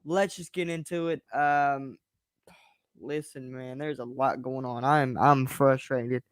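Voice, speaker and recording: A man's voice: mid-range voice, steady tone, slow, clean tone, no room sound, studio quality. A young man hosting his own podcast stream from his bedroom, talking in a candid, rambling and frustrated way. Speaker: podcast host. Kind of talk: casual solo stream rant.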